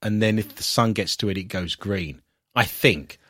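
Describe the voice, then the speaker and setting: A man's voice: on the low side, moderate pace, sharp tone, slightly rough. A man hosting a comedic podcast, reading odd news stories aloud, teasing his co-hosts and laughing often. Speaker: host.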